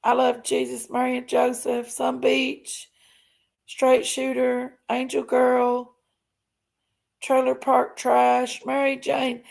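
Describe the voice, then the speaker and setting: Woman, high gravelly voice, slow unhurried talk, casual livestream chat. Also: completely flat delivery. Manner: reads out viewer names, thanks members, vents about her sister. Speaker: livestream host.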